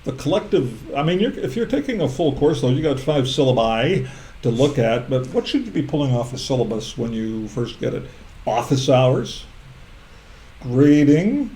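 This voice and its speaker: A man's voice: medium pitch, big pitch swings, normal speed, mellow. A man moderating a casual discussion about studying math, keeping it on track while teasing the others. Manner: teasing, steers the conversation.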